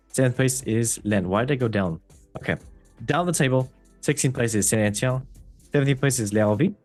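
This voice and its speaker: A man's voice: mid-range voice, darkish tone. A man hosting a casual football podcast who reads results in an upbeat, breezy way and often falls back on stock phrases. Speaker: host.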